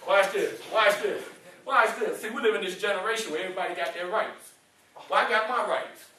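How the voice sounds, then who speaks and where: A high-voiced man with a bright, ringing tone gives a playful call-and-response talk to students. He keeps firing questions at the crowd. The sound is very echoey, picked up from far across the room. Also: a little fast, slight background noise. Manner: playful, teasing, asks the audience questions and laughs often. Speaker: motivational speaker. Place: indoor room with a student audience.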